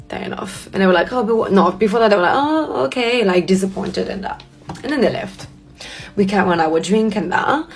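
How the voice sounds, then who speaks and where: A woman telling a personal story to camera, animated and indignant, swearing often. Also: fairly low pitch, vocal fry, slightly rough.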